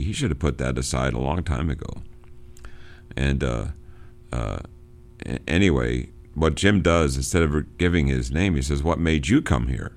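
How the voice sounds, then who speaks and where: A middle-aged man giving an informal lecture on a novel as a literature teacher, halting, with many fillers and restarts. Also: extremely low pitch, gravelly.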